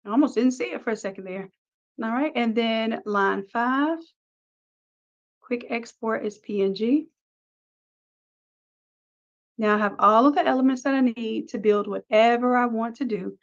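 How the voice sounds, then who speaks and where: A woman leads a screen-recorded design lesson, talking through every click in an upbeat, practical way. Her voice sits a little high. The recording sounds dull and lo-fi. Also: normal speed. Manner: upbeat, talks through each click step by step. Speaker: design instructor. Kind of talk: screen-recorded software tutorial.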